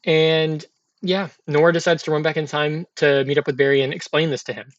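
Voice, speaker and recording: A man's voice: a little high, level tone, brisk. Chatty man with a dull lo-fi recording. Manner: chatty, filler-heavy, loose retelling. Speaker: TV episode reviewer. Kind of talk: casual episode recap.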